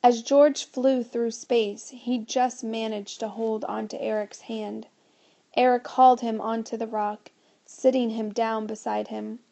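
A woman narrating a children's novel in a steady storytelling manner. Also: on the high side, a little slow, gravelly. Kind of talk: audiobook reading of a children's novel.

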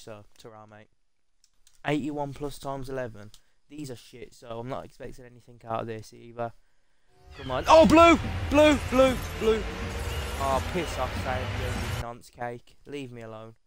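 A young man commentating over a video game pack opening, excitable and swearing freely, pleading with the game and yelping at reveals. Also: mid-range voice, clear, resonant tone. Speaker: gaming content creator.

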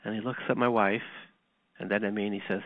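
A man's voice: lowish voice, no echo. Man hosting over a tinny phone line. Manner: animated storyteller, quick asides, quiet dramatic retellings. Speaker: radio show host. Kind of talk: radio talk show, storytelling and Torah teaching.

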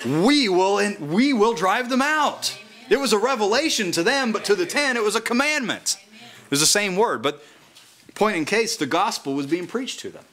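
A man preaching a sermon at a house church, slowly reading scripture aloud and then explaining it in a conversational way. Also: sits high, bright, forceful tone.

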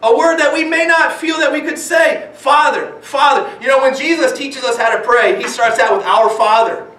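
A man's voice: extremely high pitch, normal speed, sharp tone, reverberant, distant mic. A man preaching a sermon as pastor, earnest, with many rhetorical questions and repeated phrases. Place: church sanctuary.

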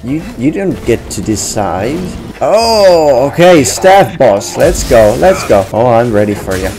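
Playful, animated gaming streamer man. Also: medium pitch, unhurried. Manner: playful, chatty, frequent laughs and exclamations. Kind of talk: let's play commentary. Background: game music.

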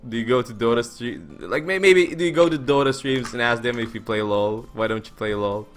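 A young man in his twenties streaming poker, telling a story casually with lots of fillers and swearing. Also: medium pitch. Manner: excitable storyteller, laughing. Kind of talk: casual live-stream chat while playing poker.

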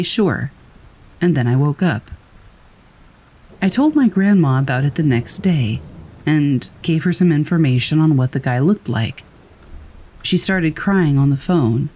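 A man reading scary first-person stories aloud in a calm, steady storytelling voice. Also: fairly high pitch. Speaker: narrator. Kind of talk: scripted narration of scary stories. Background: rain.

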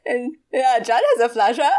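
A woman's voice: high-pitched, a little mellow. A woman casually commentating a game she plays, giggling often and musing aloud as she reacts. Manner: puzzled, musing asides. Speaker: let's play commentator.

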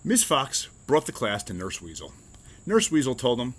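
A man reading a children's picture book aloud, warm storytelling cadence. His pitch moves a lot, animated and expressive, at a mid-range pitch. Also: normal speed. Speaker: reader.

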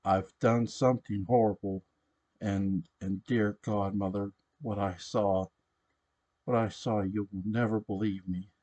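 A man reading aloud, voicing a frantic, guilt-stricken young woman who pleads hysterically in a low voice. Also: fairly even intonation, measured pace, a little mellow.

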